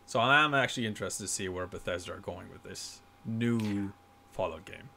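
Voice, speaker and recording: A man hosting a casual podcast, chatting excitably and breaking into laughter. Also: lowish voice, a little fast, a little hiss or hum.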